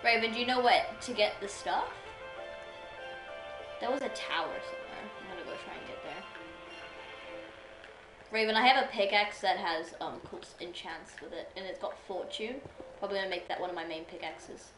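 A woman streamer chatting playfully while gaming, with bursts of excitement. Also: medium pitch, moderate pace, pauses often, roomy sound, music in the background, low-quality recording. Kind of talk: casual gameplay chat.

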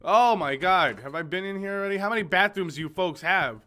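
Young male gaming host, loose jokey commentary, bright tone, slightly high voice. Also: brisk. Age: young adult. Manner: joking, rambling, swearing, frequent laughs and stammered restarts. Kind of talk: let's play commentary, reading game text aloud.

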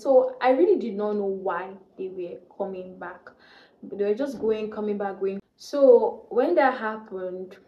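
A woman's voice: medium pitch, a little mellow, reverberant, dull audio. A young woman vlogger from Nigeria telling a faith testimony, earnest and repeating key phrases for emphasis.

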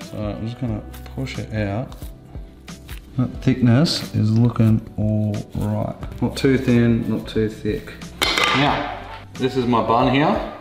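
Laid-back swearing Australian man, roomy kitchen. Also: lowish voice. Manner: crude, swears freely, laid-back banter. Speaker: cooking show host. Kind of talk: casual cooking vlog. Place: home kitchen.

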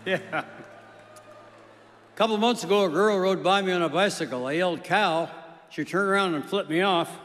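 A man from South Dakota delivers one-liners with a deadpan touch. His voice sits a little high. It rings out through a large hall. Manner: deadpan joke telling with quick voices for characters. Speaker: comedian. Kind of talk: stand-up jokes on stage, then interview. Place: large concert hall stage. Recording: reverberant hall.

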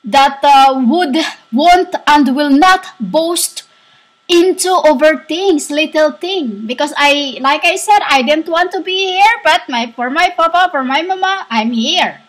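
High, slow, halting woman preaching. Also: animated, low-quality recording. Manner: halting, searching for words with long pauses. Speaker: self-styled spiritual speaker. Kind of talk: rambling spiritual monologue. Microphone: laptop built-in microphone.

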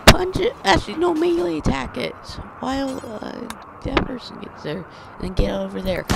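A gaming channel host giving excitable let's-play commentary, talking to the game characters and shouting when things go wrong. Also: medium pitch, creaky, noisy background.

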